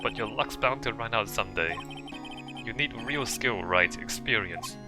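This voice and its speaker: A man's voice: medium pitch, animated, moderate pace, over music, close to an everyday voice. A man reading the lines of a cold, haughty young male prosecutor behind bars, curt and dismissive. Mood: scornful. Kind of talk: reading game dialogue aloud.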